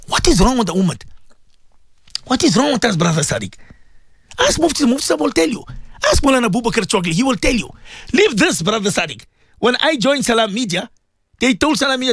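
A man's voice: very high voice, very animated, fast, pauses often, a bit bright, breathy edge, no room sound. A man hosting a morning religious radio show, preaching with passion and repeating his phrases in a sing-song way.

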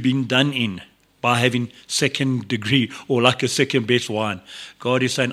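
A man's voice: medium pitch, steady tone, normal speed, a bit bright. A man, presenting a devotional message on the radio in an earnest, conversational way, often restarting and adding asides.

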